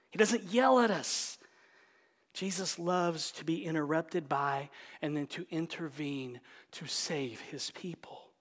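Pastor preaching with hushed whispered asides. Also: male voice, high voice, in a large hall. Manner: dramatic shifts to hushed, whispered emphasis. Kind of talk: sermon.

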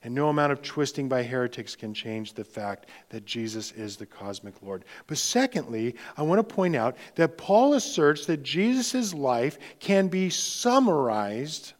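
A man preaching a sermon with slow, emphatic delivery, dropping into hushed tones for emphasis. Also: medium pitch, big pitch swings. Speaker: pastor.

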